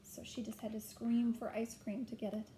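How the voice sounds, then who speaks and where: A woman reading a children's picture book aloud to a child, gently stopping to point at pictures and ask questions. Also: on the high side, monotone, moderate pace, slight background noise.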